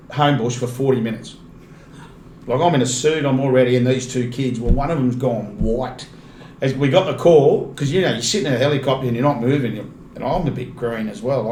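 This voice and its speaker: A man's voice: mid-range voice, brisk, darkish tone. An Australian man, a rugby league commentator, telling stories in a casual podcast chat and laughing often. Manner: chatty, laughs often mid-story. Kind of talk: casual storytelling. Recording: echoey room, faint noise.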